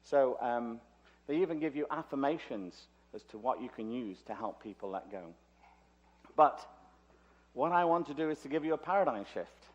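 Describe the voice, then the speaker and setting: British man, conference lecturer, chatty, joking asides, mid-pitched voice, muffled lo-fi sound. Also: animated, normal speed. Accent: British English. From Liverpool, England. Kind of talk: conference talk. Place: conference hall.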